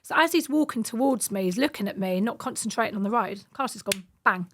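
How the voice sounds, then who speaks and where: A woman in her thirties, a podcast guest, telling stories in a casual, animated way and acting out the voices in them. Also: mid-range voice, fast, a little hiss or hum. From United Kingdom. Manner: animated, acts out quoted voices. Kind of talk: casual storytelling.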